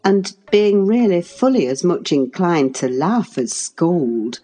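A woman narrating a classic novel in a measured, expressive storytelling voice. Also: lowish voice, faint music behind. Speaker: audiobook narrator.

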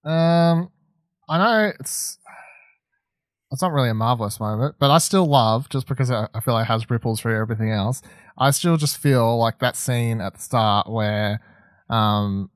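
A man's voice: medium pitch, moderate pace, dry recording. Guy cohosting a movie podcast, rambly and sweary, dry close mic. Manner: swears freely, rambling, acts out quotes. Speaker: podcast co-host. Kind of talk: casual film chat.

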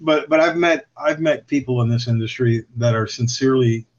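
Speaking a little fast in a mid-range voice, this male podcast guest swears, chuckles, and rambles as he tells stories in a casual conversation. The lo-fi recording sounds slightly dull.

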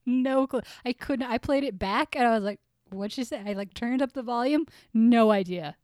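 A woman's voice: a little high, moderate pace, darkish tone, no echo, clean studio sound. A woman co-hosting a podcast, chatting casually and laughing often. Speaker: podcast co-host. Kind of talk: casual chat.

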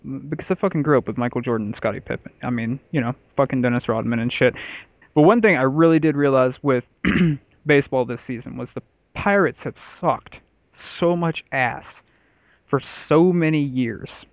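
A man's voice: medium pitch, normal speed, creaky, no echo. A man in his thirties hosting a podcast in casual, rambling, profane chat. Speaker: podcast host.

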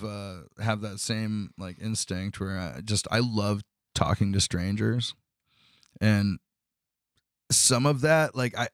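A relaxed man hosting a casual conversation, nodding along and laughing easily while he rambles through his thoughts. His voice is lowish and smooth, recorded close and dry. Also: no echo. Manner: laid-back, agreeable, laughs easily, rambling fillers. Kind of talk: casual chat.

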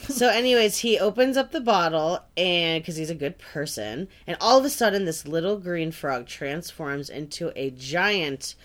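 A woman's voice: fairly low pitch, expressive, normal speed, hardly any pauses. A woman co-hosting a podcast, retelling a fairy tale in casual chat, mixing read-out text with her own words, swearing and laughing. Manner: swearing, laughing, mixes reading aloud with paraphrase. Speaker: podcast co-host.

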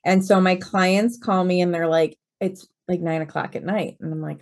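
A woman in her forties, a real estate broker and podcast guest, telling stories in a lively way and acting out the quoted dialogue. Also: lowish voice, moderate pace. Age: 40s. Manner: lively storyteller who acts out quoted dialogue. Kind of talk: conversational interview storytelling.

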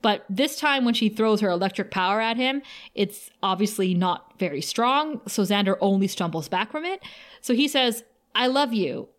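A woman co-hosting a podcast, recapping an episode in a lively, casual storytelling way with frequent fillers. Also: medium pitch, normal speed. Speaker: podcast co-host.

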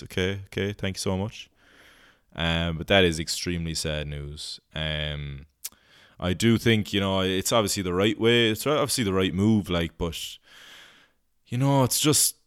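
Irish male podcast host, low and smooth, dry booth sound; loose comic rambler who swears freely. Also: no echo. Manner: rambling, swearing, goofy put-on voices. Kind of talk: casual comedic monologue.

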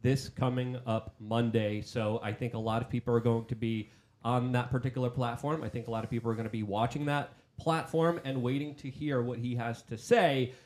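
A man's voice: mid-range voice, steady tone, brisk, a little mellow. An American man hosting a political talk show, speaking in a polished radio presenter voice. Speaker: host.

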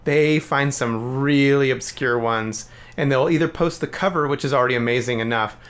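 A man's voice: medium pitch, moderate pace, a bit bright. A man co-hosting a podcast, chatting eagerly about films and laughing often. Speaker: podcast co-host. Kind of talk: casual chat about films.

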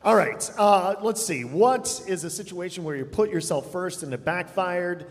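Man, online pastor, casual, good-humored, slightly high voice, long reverb. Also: moderate pace. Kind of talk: reading live chat answers. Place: church sanctuary.

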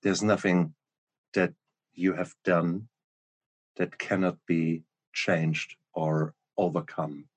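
A man with a German accent hosting a casual interview, encouraging and quick to laugh. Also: low-pitched, flat delivery, husky. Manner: warm, encouraging, laughs often. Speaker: podcast host.

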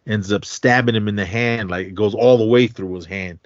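A podcast co-host with a lowish voice casually recaps a horror film's plot, acting out the characters' lines in quick quotes. The audio is dull and dry with no room sound.

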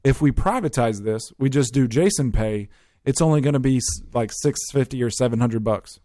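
A man's voice: mid-range voice, a little fast, dark tone, no room sound, studio quality. A man hosting a podcast in casual chat, telling stories animatedly and swearing freely. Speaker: podcast host.

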